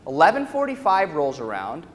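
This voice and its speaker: A man's voice: a little high, huge pitch swings, normal speed. A man, a workshop trainer, telling a story to a live audience in a large lecture hall and often checking in with his listeners. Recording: echoey hall with faint ambience.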